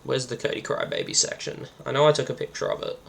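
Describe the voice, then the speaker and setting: A man hosting a casual solo podcast, rambling excitedly with lots of filler words. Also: mid-range voice, quick pace, creaky, a little hiss or hum. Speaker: podcast host.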